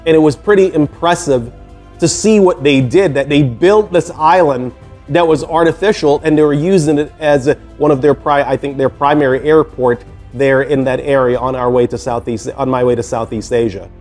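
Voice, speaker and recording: A man's voice: medium pitch, fairly even intonation, moderate pace, a little mellow, soft background music. A middle-aged man casually telling a personal travel story, rambling with many fillers and restarts.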